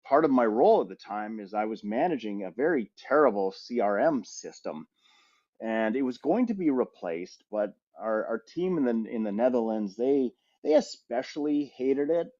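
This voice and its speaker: Middle-aged male podcast co-host, lively rambling storyteller, slightly muffled audio. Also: mid-range voice, moderate pace. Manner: lively, rambling anecdote with frequent restarts. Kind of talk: casual storytelling.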